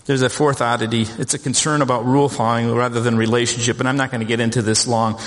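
A man's voice: medium pitch, level tone, fast talker, a bit bright. A man preaching a sermon as pastor, earnest, with repeated words and restarts as he goes. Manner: earnest, repeats words, quotes scripture in small voices. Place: church sanctuary. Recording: long hall reverb.

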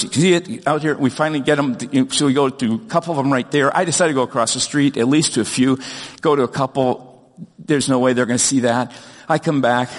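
A middle-aged man preaching a sermon, telling a personal story in an earnest, animated way with frequent restarts. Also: mid-range voice, in a large hall. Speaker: pastor.

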